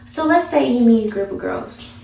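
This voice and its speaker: A woman's voice: on the high side, lively intonation, normal speed, gravelly, mellow. A young woman vlogger giving blunt, sassy advice in a casual, chatty way. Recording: echoey room, mic far off.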